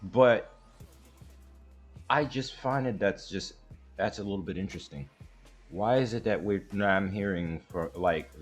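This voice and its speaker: Deep-voiced man rambling through a reaction. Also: unhurried, long pauses, soft background music. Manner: rambling, hesitant, emphatic. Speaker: commentary host. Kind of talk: reaction commentary.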